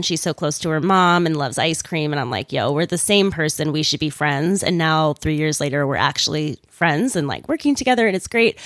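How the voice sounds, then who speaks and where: A woman hosts her podcast from home in a low, still-groggy morning voice. She chats candidly and wanders off on tangents with small laughs. The sound is dry and close. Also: fairly bright tone, no room sound. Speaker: podcast host. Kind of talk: casual solo podcast talk.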